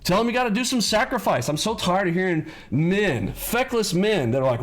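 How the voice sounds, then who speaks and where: A man with a fairly high voice runs a live trading lesson. He lectures his listeners bluntly and turns preachy as he coaches them. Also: big pitch swings, brisk, few pauses.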